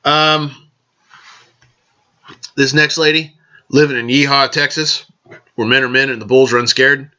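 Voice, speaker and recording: Bright-voiced rambling man on a lo-fi vlog. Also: medium pitch, level tone, measured pace, long pauses. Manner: rambling, self-correcting, gives toasts. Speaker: podcast host. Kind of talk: casual rambling vlog chat.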